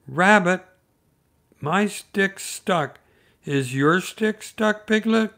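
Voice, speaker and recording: An excitable little kangaroo boy, played by a male storyteller, pitched well above the reader's usual voice. He chatters eagerly and can barely sit still. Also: unhurried. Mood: excited.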